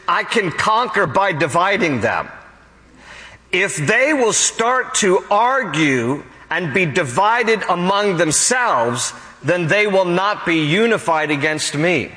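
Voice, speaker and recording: A male pastor preaching an animated sermon, acting out quotes from the scripture and his own examples. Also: high voice, long reverb tail, low-quality recording.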